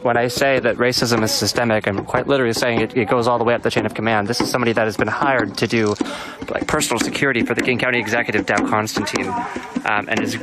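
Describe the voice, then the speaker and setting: A man's voice: mid-range voice, steady tone, quick pace, heavy background noise. Blunt sardonic man live-streaming outdoors. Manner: blunt, sardonic, swears casually. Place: outdoors at a city protest.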